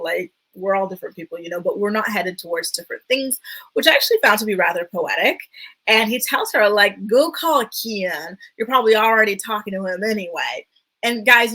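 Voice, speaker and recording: A woman's voice: medium pitch, fairly bright tone, poor audio. Chatty woman recapping a reality show. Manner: chatty, many fillers, dips into quoted voices. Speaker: recap vlogger. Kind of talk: casual recap commentary.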